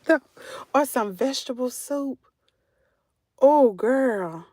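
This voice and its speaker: A woman's voice: on the high side, expressive, unhurried, no room sound, studio quality. A woman with a Southern American accent, chatting casually with her livestream viewers from a parked vehicle, reading comments and laughing often. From Southern United States. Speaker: channel host.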